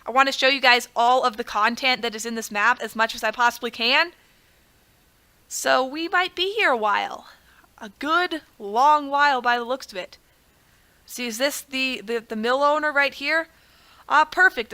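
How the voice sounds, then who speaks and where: Young woman gamer, bright and chatty commentary, laughs at herself often. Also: high voice, moderate pace. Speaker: gaming video creator. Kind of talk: casual gameplay commentary.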